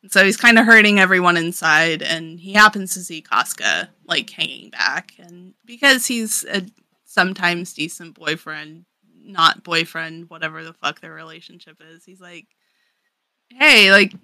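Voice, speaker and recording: Here is a woman chatting casually on a podcast, her voice bright and forceful. She runs through a story full of "like" fillers and swearing, tossing off the characters' lines in her own voice. The recording is dry and close, with no room sound. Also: lowish voice, no echo. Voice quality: casual, swearing, lots of "like" fillers, acts out characters in quick paraphrase. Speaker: podcast co-host. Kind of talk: casual chat recapping a manga.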